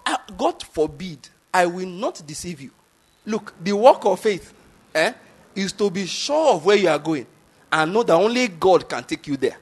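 A man with a Nigerian accent preaching in an emphatic, repetitive way. His voice sits high for a man. He keeps checking that his listeners follow him. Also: slightly rough. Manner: emphatic, repeats points, asks the audience if they follow. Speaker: pastor. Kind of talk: sermon.

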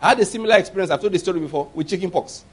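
A middle-aged man preaching a sermon, telling personal stories with animated quoted voices and laughing at his own tales. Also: high voice, racing, husky. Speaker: pastor.

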